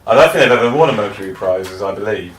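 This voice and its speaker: A man co-hosting a podcast in casual chat, telling animated stories and swearing freely. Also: fairly low pitch, racing, slight background noise. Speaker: podcast co-host. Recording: roomy echo, mic at a distance.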